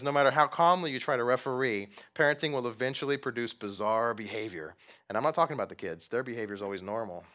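A young adult pastor with a sharp, medium-pitched voice gives a casual church sermon. Chatty and self-mocking, he keeps turning questions to the audience.

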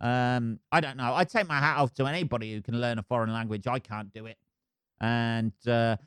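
A man's voice: on the high side, a bit bright, clear, resonant tone, no room sound, clean studio sound. Sweary rambling English man. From England. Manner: rambling, sweary, self-mocking. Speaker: podcast host. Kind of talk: casual solo monologue.

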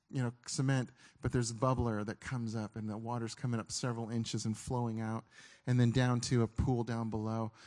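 A man's voice: medium pitch, a little mellow. A middle-aged man preaching a sermon, telling a story in an earnest way that halts and restarts often. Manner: earnest, halting, with frequent restarts.

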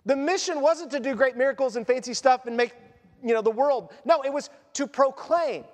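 A man preaching a sermon in a conversational, animated storytelling manner. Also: extremely high pitch, moderate pace. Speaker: pastor. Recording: long church reverb.

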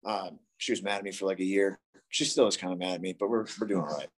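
A man's voice: deep voice, fast, husky. A young man from the East Coast sharing a candid, profane, rambling recovery story with a group. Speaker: recovery meeting speaker. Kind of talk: candid personal testimony.

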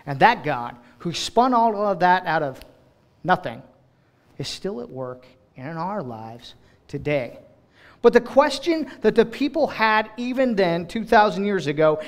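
Speaking in church, this male preacher from the United States works as a director of global partnerships. He gives a sermon in a slightly high voice, expressive and punctuated by fast restarts.

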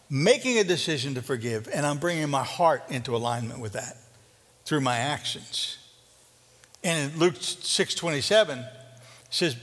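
A man preaching a sermon as pastor, conversational and earnest, dropping to a hushed intensity. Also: fairly high pitch. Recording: reverberant hall.

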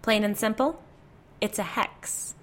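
A woman voicing a blunt middle-aged female psychic who speaks gravely and firmly. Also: mid-range voice, takes it slowly, slight background noise, voice pushed up, close to an everyday voice. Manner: blunt, commanding.

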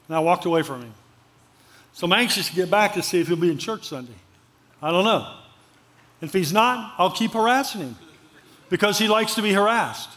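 A man's voice: high-pitched, animated, brisk, pauses often, a bit bright. A male pastor preaching a sermon in a conversational, storytelling way, repeating phrases for emphasis.

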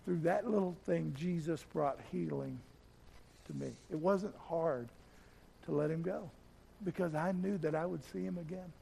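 A middle-aged man preaching a sermon as pastor, telling a personal story, often repeating words and growing soft and slow at tender moments. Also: a little high, a little hiss or hum. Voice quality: gravelly. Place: church.

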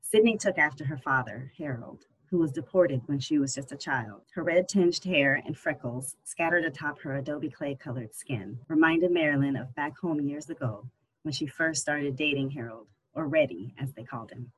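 An audiobook narrator tells a novel in a steady, even storytelling manner. The voice is husky and sits at a middling pitch. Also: moderate pace, low-quality recording. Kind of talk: scripted narration.

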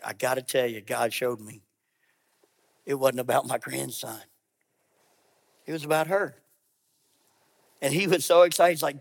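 A middle-aged male pastor preaching a sermon, telling a story with lively quoted voices and laughter. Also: on the high side, moderate pace, vocal fry.

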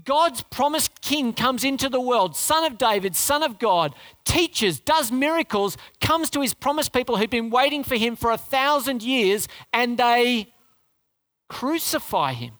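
A woman's voice: a little high, animated, a little slow, fairly bright tone. A woman preaching a sermon in an earnest, conversational way, asking rhetorical questions and repeating phrases for emphasis.

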